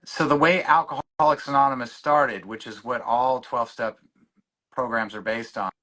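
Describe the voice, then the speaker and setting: A man speaks with a bright, forward voice about finding recovery. He stumbles, restarts, and circles back on his words. His voice stays choked up throughout, humbled and moved by his story. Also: medium pitch. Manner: halting, many restarts, openly emotional. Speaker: guest in recovery. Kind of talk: personal storytelling in conversation.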